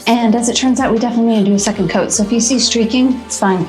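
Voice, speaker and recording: A woman's voice: fairly high pitch, fairly even intonation, very fast, darkish tone, soft background music. A woman vlogger chatting casually to the camera in her home studio, rambling in an anxious, chatty way.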